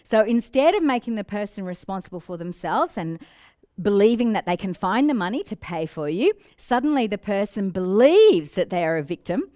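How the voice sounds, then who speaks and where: A woman's voice: a little high, no echo, clean studio sound. A middle-aged woman coach explaining relationship patterns in a teaching monologue, often slipping into quoted voices. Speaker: business coach.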